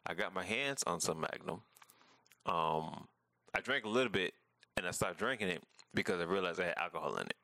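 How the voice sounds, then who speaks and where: Laid-back man with a very deep, gravelly voice and a bright edge; hesitant, stammers, dry sound. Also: fairly quick, no echo. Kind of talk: casual chat.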